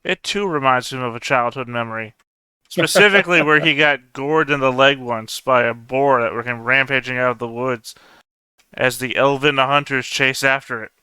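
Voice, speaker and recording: Bright, wry man joking at the table. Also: medium pitch, moderate pace, clean tone, no room sound. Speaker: player. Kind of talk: joking banter in a tabletop game.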